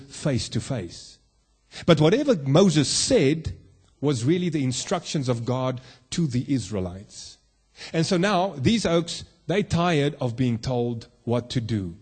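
A man's voice: fairly high pitch, a little mellow, husky. A man preaching a sermon, emphatic and full of rhetorical questions to the congregation, from South Africa.

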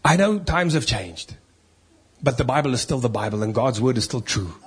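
A man's voice: mid-range voice, lively intonation, moderate pace, slightly rough. A man preaching a sermon in church, emphatic, asking rhetorical questions and reading scripture aloud.

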